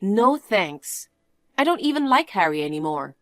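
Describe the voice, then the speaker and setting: A woman's voice: mid-range voice, big pitch swings, normal speed, dry recording, clean studio sound. Cold, blunt woman in a dialogue drama. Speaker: narrator and wronged aunt. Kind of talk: scripted first-person dialogue drama.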